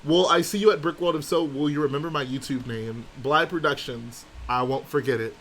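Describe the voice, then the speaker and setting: Man, live-stream host, fairly high voice, chatty, answers viewer comments, faint room hum. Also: fairly quick, fairly bright tone. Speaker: livestream host. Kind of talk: casual live-stream chat.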